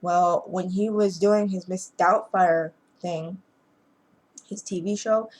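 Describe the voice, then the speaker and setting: A woman with a husky, slightly low voice retells a film's story in an easygoing, meandering way. She restarts her sentences and chuckles between them as she goes. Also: fairly even intonation, slow, rough recording. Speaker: movie reviewer. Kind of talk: casual spoken plot retelling.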